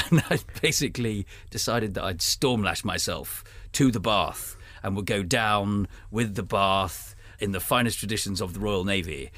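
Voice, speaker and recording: A man's voice: on the low side, moderate pace, hardly any pauses, a bit bright, dry recording. A British man, a guest author, telling a self-mocking, humorous story in a rambling, casual way.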